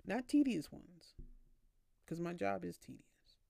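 A woman hosting her own podcast, telling a candid, rambling story and questioning herself out loud. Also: fairly low pitch, lively intonation, unhurried, vocal fry, slightly rough. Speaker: podcast host. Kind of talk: casual solo storytelling.

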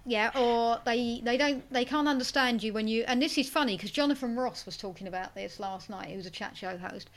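Chatty woman, fairly high voice. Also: brisk, hardly any pauses. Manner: chatty, self-mocking, reads out listener comments. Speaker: podcast co-host. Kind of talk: casual film podcast chat.

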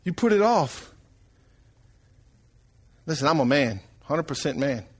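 A middle-aged preacher man with a high, light voice. He talks to his congregation like neighbors, folksy and loose, tossing them quick questions as he goes. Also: lively intonation, breathy edge. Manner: folksy, conversational preaching with call-outs to the congregation. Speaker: pastor. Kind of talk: sermon.

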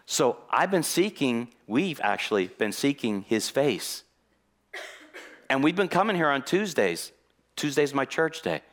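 A guest preacher delivers a sermon in a church, telling a personal story with lively energy and acting out its conversations. His voice sits in the mid range and his pace is measured.

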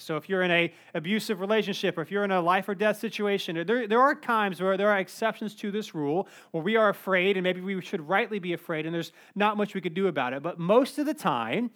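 A young man from North Carolina preaching a sermon, telling a childhood story with animated, self-deprecating humor. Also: sits high. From North Carolina, USA. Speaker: pastor.

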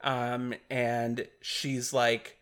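Man, podcast co-host, unhurried, hesitant, enthusiastic, bright voice. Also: mid-range voice, level tone, clean tone. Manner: hesitant, many fillers and restarts, enthusiastic. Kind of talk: casual chat about a film.

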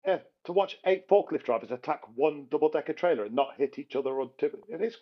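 A man's voice: a little high, fast, husky. A man bantering on a casual podcast, making crude jokes. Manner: crude joker, lively and bantering. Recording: dull lo-fi sound.

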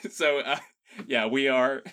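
A man's voice: medium pitch, a bit bright. A man co-hosting a comedy podcast, easygoing and giggly, laughing often through the banter. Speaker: podcast co-host.

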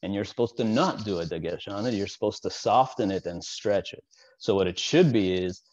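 A man from the Soviet Union gives a casual lecture in a lowish, darkish voice at a brisk pace, explaining as he goes with frequent asides and "right?" check-ins to the listener. The recording is dry with no echo and the highs cut off.

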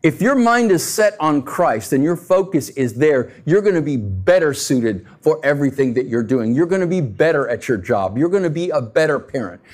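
Animated man preaching a conversational sermon. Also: fairly high pitch, moderate pace, hardly any pauses. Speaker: pastor.

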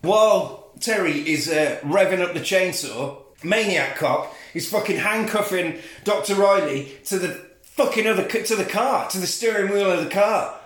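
A man's voice: sits high, normal speed, roomy sound. A man in casual podcast chat, retelling a film plot with lots of swearing and laughter. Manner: profane, animated storytelling with laughs. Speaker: podcast co-host.

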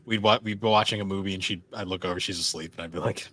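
Low-voiced male co-host, loose rambling podcast banter. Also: fairly even intonation, racing, a bit bright, dry recording. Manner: rambling, filler-heavy, laughs often. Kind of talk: casual chat.

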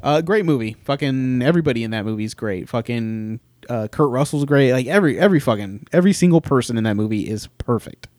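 A man's voice: medium pitch, animated, quick pace, few pauses, darkish tone, dry recording, clean studio sound. A man chatting casually about films with a friend, swearing freely and often trailing off to restart his sentences. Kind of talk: casual chat.

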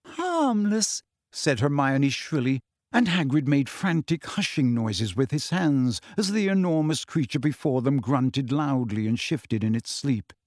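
A man narrating an audiobook in a steady, measured storytelling voice, recorded on a close studio mic. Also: medium pitch, no echo.

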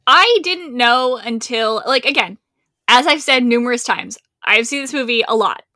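Woman, bright voice, slightly high pitch, chatty, enthusiastic, dry recording. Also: expressive, moderate pace, no room sound. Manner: enthusiastic, chatty, laughs along. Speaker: podcast co-host. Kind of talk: casual film-review chat.

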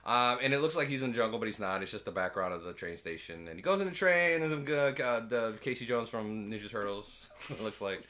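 A man casually recapping a movie with a co-host, animated, jumping into squeaky character voices and swearing freely. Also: a little fast, hardly any pauses. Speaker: podcast co-host.

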